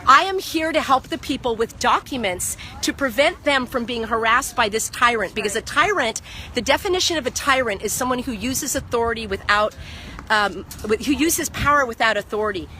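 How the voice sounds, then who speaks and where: A woman's voice: on the high side, animated, brisk, pushed and bright, slight background noise. A woman filming with a handheld phone at an outdoor market, lecturing people insistently and preachily about the law. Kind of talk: impassioned street lecturing.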